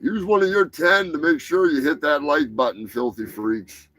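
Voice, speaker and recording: A man's voice: a little high, normal speed, fairly bright tone, poor audio. A man hosting a live show, reading odd news stories in a crude, profane, mocking way. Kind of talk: crude comedic news chat.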